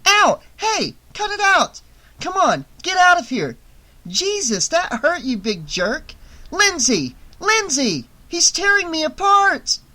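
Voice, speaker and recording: A reader voicing a crude, teasing teenage girl in an audiobook, loud and shrill in quick bursts. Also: animated, natural voice. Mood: shrieking. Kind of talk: audiobook character voice.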